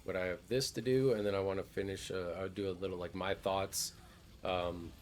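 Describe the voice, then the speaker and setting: A man's voice: low-pitched, steady tone, normal speed, soft background music. A man streaming a game, chatting casually in a laid-back, joking way, swearing freely. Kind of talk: casual gameplay commentary.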